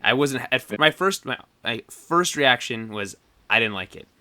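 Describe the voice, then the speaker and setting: A man co-hosting a casual podcast with a bright, forceful voice. He rambles, laughs a lot and lets sentences trail off halfway. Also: mid-range voice, animated, moderate pace. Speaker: podcast co-host. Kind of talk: casual chat.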